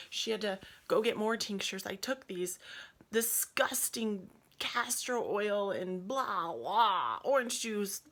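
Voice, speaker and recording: A woman at a middle pitch tells her own story in a casual vlog. She is emotional, and her voice often sinks to a soft near-whisper. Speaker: yoga vlogger telling her birth story.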